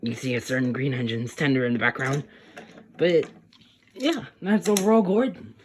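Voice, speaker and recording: A man's voice: mid-range voice, moderate pace, slight background noise. A man casually reviewing a toy train set, chatty and rambling with frequent restarts.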